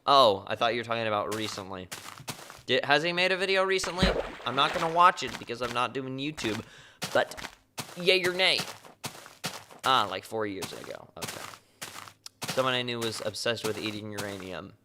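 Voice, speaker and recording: A man's voice: mid-range voice, animated, moderate pace, pauses often, noisy background. A man live streaming a game, chatting casually and joking offhand in reply to his chat.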